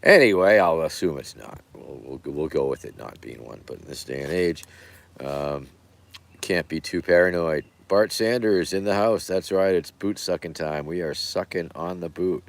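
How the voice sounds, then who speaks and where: Hoarse man, very deep voice, rambling deadpan stream chat. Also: normal speed. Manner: rambling, deadpan jokey, many fillers. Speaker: livestream host.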